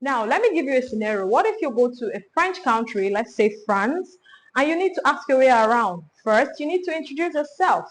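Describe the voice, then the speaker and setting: A woman teaching a beginner French lesson, speaking slowly and repeating each phrase for learners. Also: high voice, expressive, rough recording.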